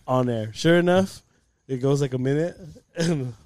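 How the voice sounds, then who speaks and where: A man's voice: mid-range voice, measured pace, a little mellow, a little hiss or hum. Laughing rambling podcast host, man. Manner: rambling storyteller, laughs often. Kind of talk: casual chat.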